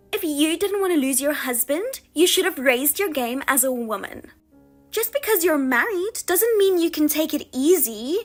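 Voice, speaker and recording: A woman plays a spiteful younger sister who steals husbands, her voice pitched high and bouncing all over as she taunts. She gloats in a sing-song lilt, pleased with herself, in a storybook audio drama.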